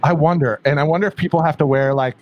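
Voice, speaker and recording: Laid back podcast guy, slightly high voice, wanders through his points. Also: steady tone, quick pace, lo-fi sound. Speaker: podcast co-host. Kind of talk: casual chat.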